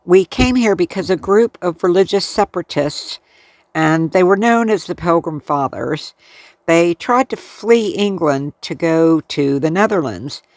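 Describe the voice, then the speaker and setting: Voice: medium pitch, expressive, unhurried, no room sound. An American travel vlogger narrating a casual tour in a chatty, friendly storytelling way. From United States.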